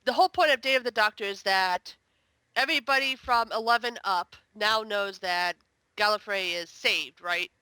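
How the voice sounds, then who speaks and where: A woman chatting casually as a guest on a review podcast, exasperated and full of quick asides. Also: medium pitch, pushed and bright, smooth, no room sound.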